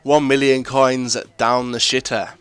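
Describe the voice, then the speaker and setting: A young man commentating his own football video game match, blunt and swearing freely with sudden loud outbursts. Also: mid-range voice, level tone, unhurried, clean tone, dry recording. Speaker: gaming video creator. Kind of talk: live gameplay commentary.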